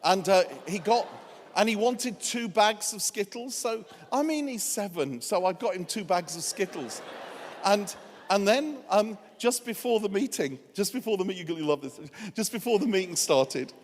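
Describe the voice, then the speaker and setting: A man's voice: high-pitched, animated, moderate pace, in a large hall, a little hiss or hum. A man preaching a sermon as a guest speaker, telling a humorous story that turns earnest. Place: church hall.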